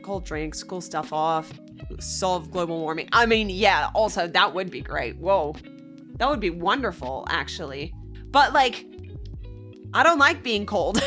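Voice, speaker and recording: A woman's voice: medium pitch, animated, unhurried, sharp tone, faint music behind. A young Australian woman streaming, chatting casually and giggly with her viewers. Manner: bubbly, giggly, chats with viewers. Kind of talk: casual livestream chat.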